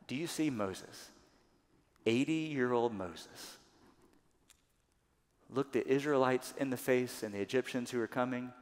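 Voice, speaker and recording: Preacher in a reverberant church. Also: male voice, medium pitch, measured pace, pauses often. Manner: animated, acts out quoted voices loudly. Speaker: pastor. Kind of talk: sermon. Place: church sanctuary. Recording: church sanctuary with long reverb.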